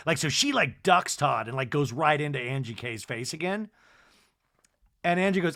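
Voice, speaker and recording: A man's voice: a little high, a little fast. A man hosting a comedy podcast, recapping a reality show and acting out the cast's lines in raised, mocking voices. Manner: animated, mimics cast members in raised voices. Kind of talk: comic recap with acted-out quotes.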